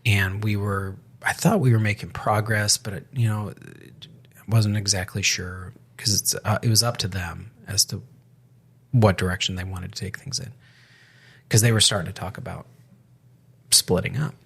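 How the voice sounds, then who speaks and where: A pastor co-hosting a faith podcast, talking in a relaxed, conversational way. His voice sits low and a little husky. He often stops and restarts a thought partway through a sentence. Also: moderate pace. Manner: storytelling with many restarts and quoted dialogue. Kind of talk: casual spiritual podcast conversation.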